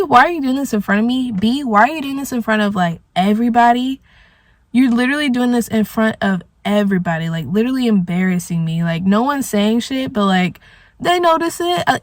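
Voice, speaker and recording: A woman's voice: a little high, no room sound, clean studio sound. A young woman telling an emotional, rambling storytime vlog, full of "like". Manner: emotional, rambling, heavy use of filler "like". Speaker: vlogger. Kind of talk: storytime vlog while smoking.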